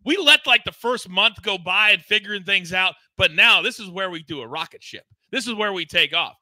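High, bright-voiced hyped sports show host. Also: male voice, a little fast, no echo. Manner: hyped, promotional, teasing. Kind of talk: live sports betting show banter.

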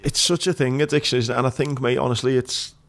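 A man's voice: medium pitch, fairly even intonation, quick pace, a bit bright. A man hosting a casual podcast interview, earnest and chatty, calling his guest "mate". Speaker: podcast host.

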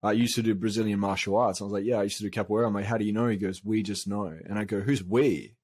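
A man's voice: on the low side, little pitch movement, rapid-fire, a little mellow, no room sound. A man from Australia, a coach, telling a long personal story in a casual interview, rambling with many fillers and restarts. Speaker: guest, coach.

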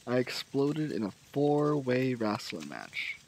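Slow, musing man narrating a game. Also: mid-range voice, huge pitch swings, gravelly, a little mellow, slight background noise, poor audio. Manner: unhurried, musing, trailing off with fillers. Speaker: gamer narrating his own play. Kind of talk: casual game commentary.

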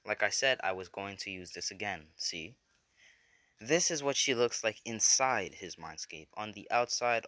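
A man's voice: lowish voice, lively intonation, moderate pace, pushed and bright, dry recording. A man casually narrating a fan-made story, rambling and correcting himself as he goes.

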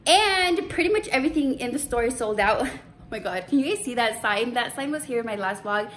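A woman's voice: on the high side, fairly quick, recorded from a distance. A young woman, a boutique owner, chatting casually to her vlog camera and telling stories with lots of fillers. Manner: chatty, animated storytelling with fillers. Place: her boutique store, indoors. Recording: echoey room, voice off-mic.

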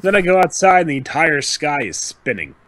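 Guy on a home podcast, kinda high voice, jumps all over in pitch, laughs a lot. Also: fairly quick, no room sound. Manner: animated, laughs often, jokey. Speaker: podcast co-host. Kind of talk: casual chat.

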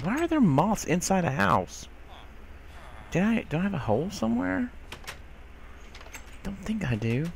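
A man with a slightly high, gravelly voice gives casual let's-play commentary, grumbling in exasperation and scolding the on-screen characters with mild swearing. There's slight background noise.

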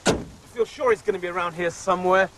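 A man's voice: high voice, flat delivery, fast talker, background noise. A middle-aged man hosting a children's TV puppet show, playful and chatty as he talks to his puppets. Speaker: puppeteer host.

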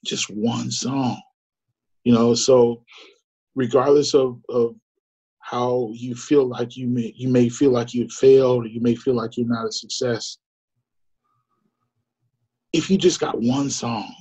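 A man's voice: mid-range voice, steady tone, slow pace, long pauses, dark tone, breathy edge. A middle-aged man giving an earnest, conversational personal testimony, full of fillers and restarts. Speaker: guest storyteller. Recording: muffled lo-fi recording.

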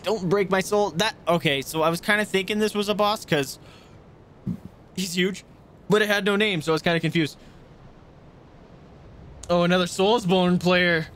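A man's voice: sits high, normal speed, long pauses. A man streaming a video game, chatting with viewers and yelping and swearing as he plays. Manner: excitable, yelps and swears at the game. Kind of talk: casual gameplay commentary.

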